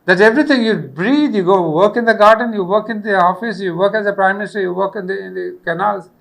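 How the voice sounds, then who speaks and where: An older man gives a reflective spiritual lecture. He speaks earnestly, coming back to key phrases for emphasis. His voice sits slightly high and has a gravelly edge. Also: quick pace, a bit bright. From India. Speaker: lecturer on yoga philosophy.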